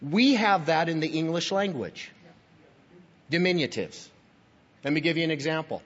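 A pastor preaches a sermon, speaking emphatically and directly to his listeners as he teaches. His voice is a little high, with lively intonation at a normal pace, on a dull, lo-fi recording from a reverberant hall.

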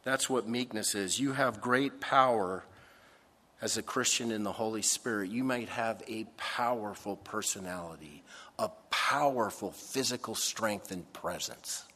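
A man preaching a sermon, slow and emphatic, swinging between loud stressed phrases and soft, low asides. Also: big-room sound. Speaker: pastor.

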